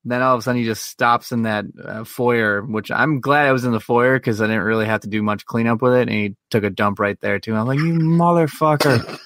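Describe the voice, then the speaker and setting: A man's voice: lowish voice, steady tone, fast, few pauses, fairly bright tone, no room sound, studio quality. A man co-hosting a podcast, telling a long, profane story in casual chat. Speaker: podcast co-host.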